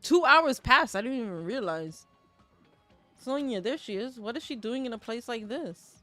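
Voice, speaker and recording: A woman's voice: fairly high pitch, lively intonation, normal speed, sharp tone, soft background music. A woman gamer giving casual commentary over a game, chatty and rambling, with the odd swear. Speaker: let's play gamer. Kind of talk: casual game commentary, reading dialogue aloud.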